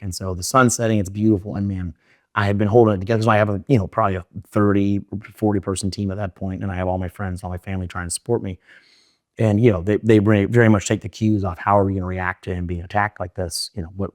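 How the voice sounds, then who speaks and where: A young man telling his story in an interview, rushing in run-on sentences full of fillers and restarts. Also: fairly low pitch, a little mellow, no room sound, clean studio sound. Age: young adult. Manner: fast, run-on talk with many fillers and restarts. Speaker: interview guest.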